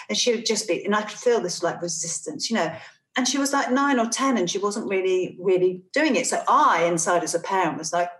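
A woman's voice: fairly low pitch, lively intonation, a bit bright. Earnest woman telling a story in a roomy space. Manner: earnest, halting, with many restarts and repeated phrases. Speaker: parent guest telling a story. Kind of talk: casual conversation, personal storytelling. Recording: roomy, echoey room sound.

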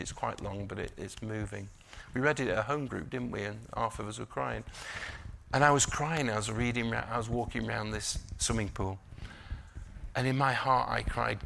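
A middle-aged man delivers a sermon, leaning on slow emphatic phrases before easing into quiet, chatty asides. His voice is gravelly with a bright, forceful edge. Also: on the low side. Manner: drops to quiet conversational asides. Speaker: pastor.

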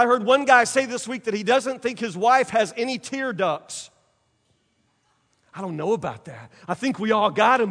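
High-voiced man preaching in a reverberant hall. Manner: emphatic preaching, repeats phrases, sudden loud and soft turns. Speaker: pastor. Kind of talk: sermon.

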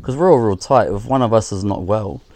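A man in his thirties or forties talks low and loose as a podcast guest. He rambles through a frank story, leaning on fillers and the odd swear word. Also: a little fast, darkish tone. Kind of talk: casual chat.

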